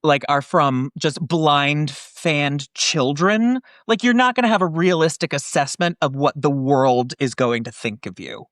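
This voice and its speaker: A man's voice: fairly high pitch, lively intonation, measured pace, hardly any pauses, fairly bright tone, dry recording, clean studio sound. A man who is a guest on a podcast, agreeing and rambling with lots of fillers. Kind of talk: casual podcast chat.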